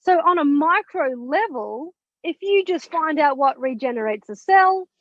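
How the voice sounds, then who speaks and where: A woman with a high voice, a spiritual mentor appearing as a podcast guest, tells personal stories in an interview, animated and candid, swearing and laughing as she recounts them. She speaks unhurriedly. The sound is dry, close and lo-fi, with no echo.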